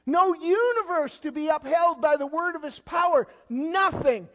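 A man preaching a sermon as a guest pastor, swinging between loud rising questions and quiet, low passages. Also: a little slow, long reverb tail. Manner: preaching with sudden loud rises and quiet drops.

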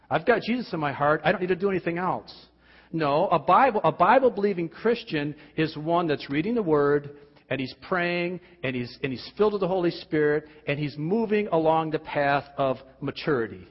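A man preaching a sermon, asking emphatic rhetorical questions and dropping at times to quiet, intense tones. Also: husky. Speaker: pastor. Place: church. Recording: dull, boomy hall sound.

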